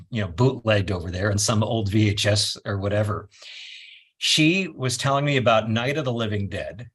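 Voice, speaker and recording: A man's voice: on the low side, a bit bright, breathy edge. A man in casual conversation, telling stories with animation and laughing often. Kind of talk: casual chat.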